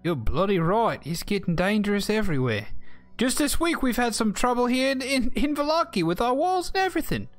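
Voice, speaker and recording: A man doing a high blustery gate guard. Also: big pitch swings, brisk, faint music behind. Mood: suspicious. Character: gruff suspicious male town gate guard.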